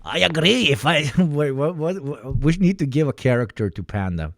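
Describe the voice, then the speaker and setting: A man's voice: mid-range voice, lively intonation, moderate pace, no room sound, clean studio sound. A young man streaming reactions, rambling and joking, swearing freely as he tries out silly accents.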